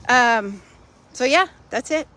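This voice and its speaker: A woman's voice: a little high, lively intonation, slow, bright, forceful tone. A woman recording a casual personal video update, telling her story in a chatty, matter-of-fact way with wry humor. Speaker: vlogger sharing personal news.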